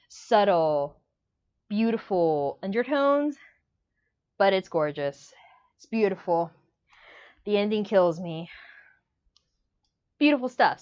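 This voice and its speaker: A woman reviewing a book in a casual vlog, gushing and rambling with emotion. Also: medium pitch. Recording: dull lo-fi sound.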